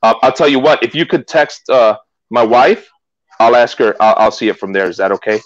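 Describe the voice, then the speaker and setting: A man co-hosting a casual live stream, chatty and quick to laugh, talking into a phone. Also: medium pitch, animated, dull audio. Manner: chatty, laughs often, restarts a lot. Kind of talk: casual chat. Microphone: phone used as camera.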